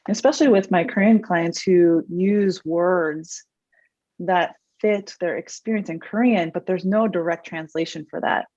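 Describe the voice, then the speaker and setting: A woman psychologist guest speaking in a thoughtful, measured way, pausing with fillers. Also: on the low side, darkish tone, no room sound. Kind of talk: interview conversation. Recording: muffled dry video-call audio.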